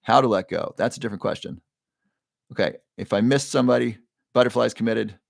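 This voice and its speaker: A man's voice: medium pitch, fairly quick, gravelly, no room sound, clean studio sound. A man hosting a live online show, leading viewers through a breathing exercise in an upbeat, chatty way that keeps prompting the audience.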